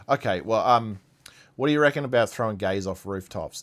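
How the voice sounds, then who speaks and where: A man from Iran hosts a live stream and rants over the clips he plays. He is sarcastic, keeps repeating himself and sits at an ordinary mid pitch. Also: animated, a little fast. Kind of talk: heated commentary on played clips.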